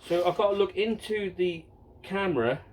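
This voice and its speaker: A man's voice: high-pitched, moderate pace. A man hosting a casual question-and-answer vlog about his model railway, rambling and chatty, often repeating words and mocking himself. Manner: self-mocking and exasperated.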